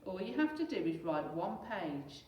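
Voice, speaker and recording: Woman playing a stern weary dad, firm, flat, storybook, echoey room, lowish voice. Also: normal speed, far from the mic. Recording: echoey room, away from mic.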